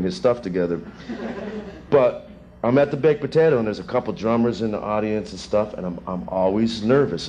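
A man in his thirties, a session drummer, answering students' questions in a rambling, animated way with chuckles, in a music school classroom. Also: lowish voice, a little hiss or hum. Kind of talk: casual Q&A with students.

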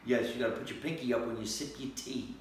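A man's voice: mid-range voice, quick pace, a little hiss or hum. A man chats on a live stream as a comedian guest and calls out to viewers one by one. His voice rings around a very echoey room. He sits a little back from the microphone. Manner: animated, greets viewers by name. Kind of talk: casual live-stream chat. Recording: very echoey room, distant from mic.

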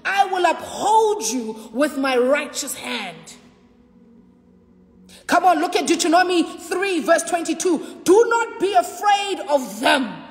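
A woman preaching a sermon with passion, repeating lines and shouting out at times. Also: very high voice, big pitch swings, takes it slowly, reverberant, in a large hall. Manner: impassioned preaching with shouts and repetition.

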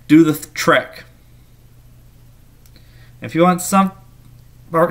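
A man's voice: a little high, a bit bright. A man reading through a sandwich menu item by item, with casual asides and small slips along the way. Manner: reads menu items aloud in lists, with asides and small slips. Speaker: menu reviewer.

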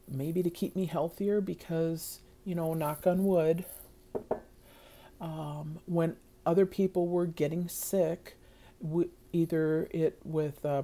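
A woman's voice: low-pitched, mellow. A middle-aged woman talking to her viewers in a casual vlog, earnest and rambling, with many fillers. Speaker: vlogger.

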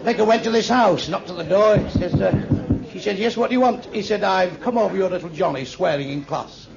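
A man's voice: high-pitched, a little fast, creaky. A man telling blunt, crude jokes in a club stand-up routine, with asides to the crowd. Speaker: stand-up comedian. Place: live club venue with audience. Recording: echoey room, dull lo-fi live tape with crowd noise.

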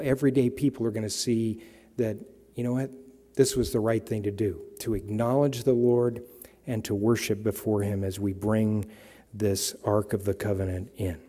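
Slow-speaking male pastor in a reverberant hall. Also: medium pitch, mellow. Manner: slow, measured preaching, reading scripture aloud. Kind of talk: sermon.

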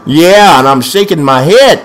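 A man's voice: fairly high pitch, animated, a little slow, fairly bright tone. A young man giving panicky, trash-talking commentary while playing a wrestling video game, with speech. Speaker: gameplay commentator. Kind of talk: excited let's-play commentary.

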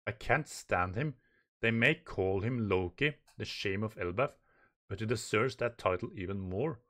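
A man's voice: on the low side, lively intonation, unhurried, a bit bright. A man hosting a manga reaction, reading the dialogue aloud and commenting, often stumbling and repeating words as he reads. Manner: reads the dialogue aloud in lightly raised voices.

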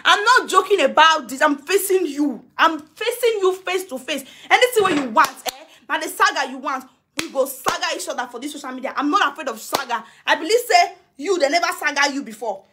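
A woman's voice: high voice, animated, a little fast, noisy background. A woman with a Nigerian accent speaking straight into her phone camera on a live video, confronting someone. She talks emphatically, repeating her demands over and over and laughing now and then. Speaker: social media personality. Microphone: phone camera, face to face.

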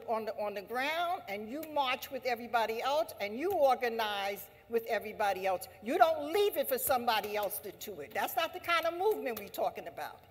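A woman giving an impassioned rally speech at an assembly, with a fervent, repetitive, preaching cadence. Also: a little high. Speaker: speaker at an anti-imperialist assembly. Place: large hall. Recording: reverberant hall sound.

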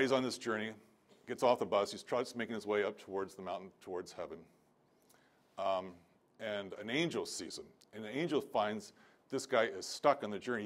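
A man giving a sermon-style lecture as a pastor, telling a story with many fillers. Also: on the low side.

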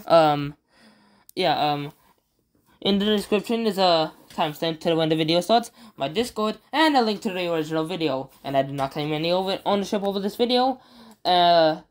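A woman giving a frustrated, rushed and sweary casual introduction before her cover of a song. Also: lowish voice, animated. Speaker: amateur song cover maker.

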